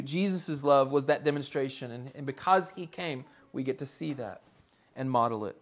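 Earnest man preaching, slightly high voice. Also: normal speed. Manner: conversational, earnest preaching with repetition. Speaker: pastor. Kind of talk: sermon.

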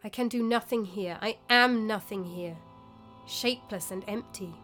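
A woman's voice: medium pitch, normal speed, fairly bright tone, soft background music, lightly acted. Woman voicing a wry, mournful young male ghost. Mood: hollow. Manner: dry, wry and pleading.

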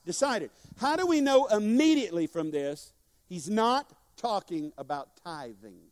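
A guest preacher delivers a sermon to his congregation in a church sanctuary, leading call-and-response and working jokes into his exhortation. His voice sits high, swings widely in pitch, and moves a little slowly. The recording carries the long reverb of a church hall.

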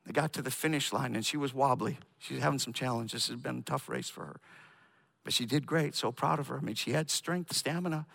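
A man telling a personal story in a casual, halting way, often repeating words and restarting his sentences. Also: mid-range voice, gravelly, fairly bright tone.

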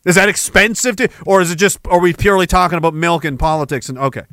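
A middle-aged man hosting a podcast, ranting with heavy profanity and jumping between war stories and shouted quotes. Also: high voice, quick pace, no room sound. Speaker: podcast host. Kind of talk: ranting monologue.

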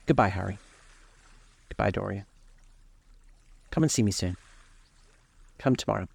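A man reading aloud as a serious, anxious male painter who speaks gravely and pleads. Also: on the low side, a little slow, no room sound, full character voice.

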